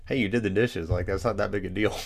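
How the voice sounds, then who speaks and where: A man in his thirties speaks in a low voice with a gravelly edge. He sounds reflective and earnest, pausing often with fillers as he works through his thoughts in casual conversation. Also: steady tone. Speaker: podcast guest. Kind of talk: casual chat.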